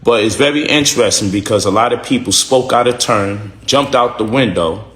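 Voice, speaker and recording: A man's voice: lowish voice, moderate pace, fairly bright tone, echoey room. A man making an emphatic recorded statement and repeating key phrases for effect.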